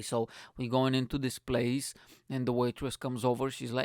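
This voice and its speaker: A man hosting a podcast, telling a story in an excitable, rambling way and swearing freely. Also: medium pitch, brisk, clear, resonant tone, no room sound, studio quality. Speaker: podcast host. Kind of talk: casual storytelling monologue.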